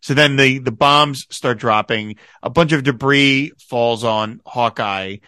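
Male podcast host, bright and forceful tone, dry close mic, eager recapper. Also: mid-range voice, takes it slowly, no echo. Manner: enthusiastic, quotes dialogue in animated bursts. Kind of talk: casual podcast discussion.

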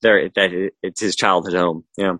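A man's voice: sits low, steady tone, normal speed, bright, forceful tone, no echo. A man co-hosting a podcast, chatting casually and a bit hesitantly about a TV show. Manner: hesitant, lots of fillers and restarts. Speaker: podcast co-host. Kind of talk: casual TV discussion chat.

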